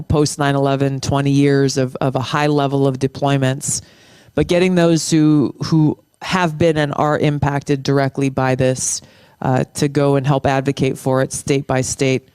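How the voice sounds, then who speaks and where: A middle-aged military veteran and former state lawmaker, a guest speaking earnestly in an interview, impassioned and slowing down for emphasis. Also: mid-range voice, flat delivery, darkish tone, smooth, no echo, clean studio sound. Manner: impassioned, restarts phrases, slows down for emphasis.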